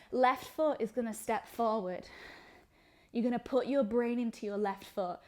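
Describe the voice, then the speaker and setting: Calm woman guiding a yoga flow. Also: on the high side. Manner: calm instructional cueing, slow breath-paced phrasing. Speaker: yoga instructor. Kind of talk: guided yoga class cues.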